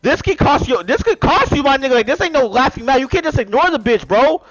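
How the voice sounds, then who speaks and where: An urgent, insistent male friend, as a man puts him on with a raised, high voice. He pushes hard and gives blunt advice. The sound is dry and close. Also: sing-song, fast, a bit bright, dry recording, full character voice, rough recording.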